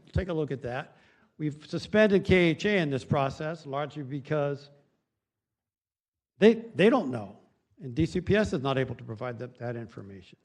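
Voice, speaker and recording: Male council member, slightly higher voice, folksy and halting floor speech. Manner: folksy, anecdotal, halting with restarts. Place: council chamber.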